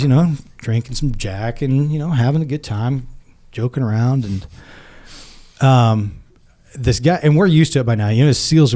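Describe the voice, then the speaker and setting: A middle-aged man, a former Navy SEAL, telling stories casually and acting out the quoted lines in a lively way. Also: medium pitch. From United States. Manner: animated, acts out quoted dialogue. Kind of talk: casual storytelling.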